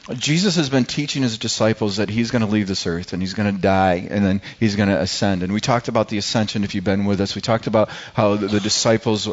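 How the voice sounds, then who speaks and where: A man's voice: lowish voice, muffled recording. A man preaching a sermon in a casual, conversational way, often restarting and repeating words. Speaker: pastor. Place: church service.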